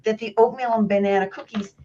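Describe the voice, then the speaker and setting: A Canadian woman with a Canadian accent chatting on a group video call as a guest coach, rambling and self-deprecating, with halting restarts. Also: medium pitch, fairly even intonation, mellow. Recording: muffled video-call audio.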